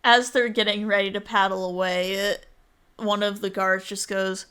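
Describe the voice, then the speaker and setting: Unhurried woman game master narrating. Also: mid-range voice, little pitch movement, bright, forceful tone, clean tone. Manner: unhurried, descriptive, calls for rolls.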